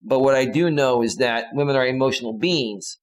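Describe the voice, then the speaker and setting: A man's voice: medium pitch, fairly quick. A male relationship coach giving casual advice in an earnest, lecturing way.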